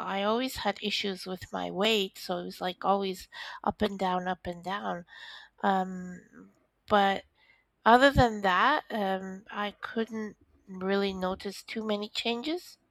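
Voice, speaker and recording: A woman's voice: medium pitch, dry recording, poor audio. Woman telling a story with dialogue. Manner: animated storytelling, acts out quoted dialogue. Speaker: interview guest. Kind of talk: recounting a personal story.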